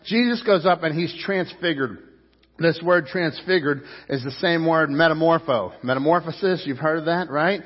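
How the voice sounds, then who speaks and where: A man's voice: a little high, moderate pace, big-room sound, dull audio. A man preaching a sermon as pastor, in a loose, conversational way that repeats words and asks the crowd questions.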